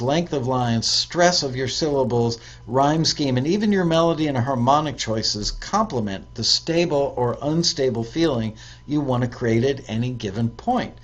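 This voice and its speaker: A man's voice: mid-range voice, lo-fi sound. A man hosting a show, reading out viewer tips in a casual way, with fillers and self-corrections. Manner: reads aloud with hesitant fillers and self-corrections.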